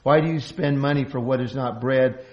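A man's voice: mid-range voice, fairly even intonation, moderate pace, highs cut off. A man preaching an expository sermon, earnest, often restarting phrases and raising his voice for quoted lines. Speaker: pastor.

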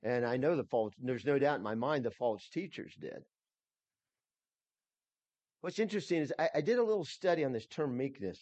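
A man's voice: medium pitch, darkish tone, no room sound, muffled recording. A man preaching an expository sermon, emphatic and repeating himself, with frequent restarts. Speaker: pastor.

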